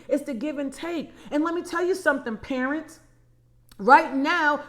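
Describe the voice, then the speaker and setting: High-voiced woman coach, emphatic and preachy. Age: 40s. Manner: emphatic, preachy, repeats key phrases, addresses listeners as y'all. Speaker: vision and empowerment coach. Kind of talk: motivational talk.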